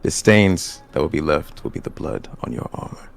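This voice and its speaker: A man playing a defiant young noble with a gravelly voice. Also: a bass voice, animated, moderate pace, heavily acted. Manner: defiant, cutting retorts. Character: proud young male noble, defensive of his family.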